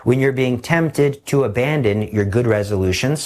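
A middle-aged man preaching a sermon, emphatic and animated, mixing teaching with urgent commands. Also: mid-range voice, normal speed.

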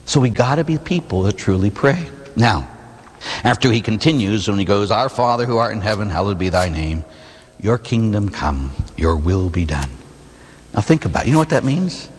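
A man's voice: fairly low pitch, expressive, normal speed, slightly rough, in a large hall. A man, a Catholic priest, giving a conversational sermon full of rhetorical questions to his congregation in a church.

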